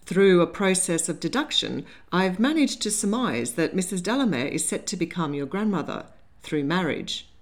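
A woman voicing a composed, dryly amused young Regency gentleman in an audiobook. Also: fairly low pitch, expressive, normal speed. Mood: wry. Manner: wry, teasing, composed.

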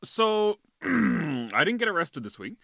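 A man's voice: high voice, very animated, slow pace, creaky, sharp tone, no room sound, studio quality. A man chatting casually on a podcast, hesitant and self-deprecating, with frequent ums. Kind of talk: casual chat.

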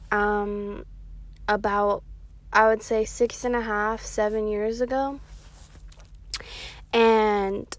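Slow, earnest woman sharing a prophetic word. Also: medium pitch. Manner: slow, earnest, with many ums and pauses. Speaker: podcast minister. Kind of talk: prophetic devotional talk.

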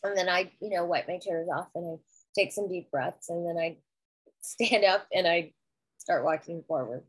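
A woman's voice: lowish voice, moderate pace, slightly rough, dry recording, low-quality recording. A middle-aged woman talking earnestly and reflectively in a casual conversation, with frequent restarts. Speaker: guest sharing grief experience.

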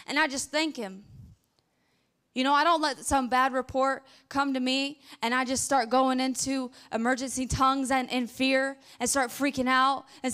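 Young woman preacher, high clear voice, animated storyteller. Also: moderate pace. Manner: animated, acts out frantic praying and stories. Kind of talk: sermon.

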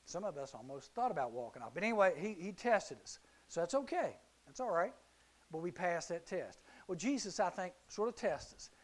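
Middle-aged male youth speaker with a high voice, animated Bible storytelling. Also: fairly quick. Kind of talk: youth sermon.

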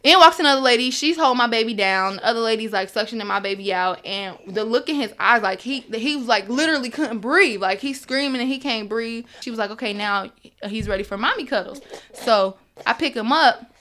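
Young woman telling a story, bright edgy voice, keeps acting out what people said. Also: fairly high pitch, brisk. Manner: animated, acts out others' words in quotes. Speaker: guest. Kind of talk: personal storytelling.

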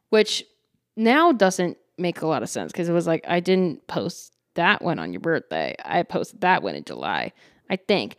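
Her voice fairly low and her delivery unhurried, a podcast host giggles and chats her way through a casual story, sprinkling in "like" and bringing it alive with playful quoted voices. It's a dry, studio-quality recording.

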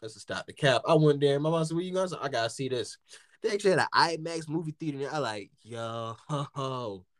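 A young man from the United States telling a story in casual chat, animated and profane, often laughing. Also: fairly high pitch, very fast, no room sound, clean studio sound.

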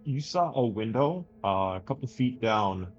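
A man running a tabletop horror game as game master, narrating scenes in a slow, measured way. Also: mid-range voice, lively intonation, dull audio.

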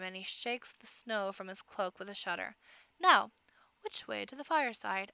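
A woman reading a children's fantasy audiobook aloud, expressive, with occasional slips and restarts. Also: mid-range voice, clean tone, no room sound, muffled recording. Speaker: amateur audiobook reader. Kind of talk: storybook narration.

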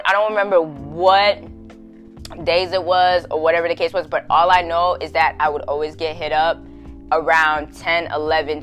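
A young adult woman hosting a podcast, telling a story in a casual, profane, slangy way and laughing loudly, with faint music behind her. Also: fairly low pitch. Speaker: podcast host.

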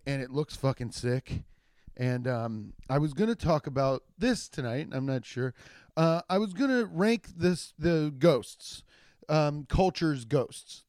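A man's voice: mid-range voice, a little mellow, no room sound, studio quality. A man doing a loose, crude comedy monologue, swearing often and laughing at his own jokes. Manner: trails off and restarts a lot.

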